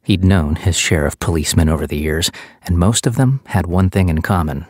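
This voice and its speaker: A man reading an audiobook in steady, scripted narration on a close studio mic. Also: deep voice, fairly quick, dry recording.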